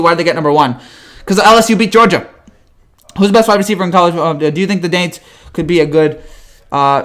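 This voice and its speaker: A hyper young man answering chat on a live stream, rattling off words at a sprint. His voice sits high, and he often trips into restarts. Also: sharp tone. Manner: hyper, rapid, full of restarts and stumbles.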